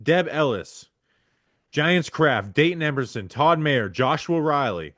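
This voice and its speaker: A man hosting a podcast, reading supporter names aloud in quick succession and stumbling over the hard ones. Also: on the high side, animated, fairly bright tone, dry recording, studio quality. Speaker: podcast host.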